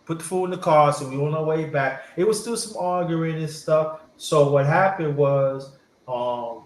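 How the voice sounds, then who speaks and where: A man's voice: fairly high pitch, moderate pace. A man casually telling a rambling family story as a host, repeating himself and acting out his relatives' lines. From New York. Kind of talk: casual storytelling to a live audience. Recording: echoey room with faint background hiss.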